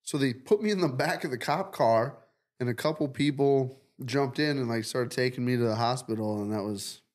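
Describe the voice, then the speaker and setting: A man's voice: medium pitch, normal speed. Male co-host, casual, rambling profane storyteller. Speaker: podcast co-host. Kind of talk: casual chat, telling a dream story.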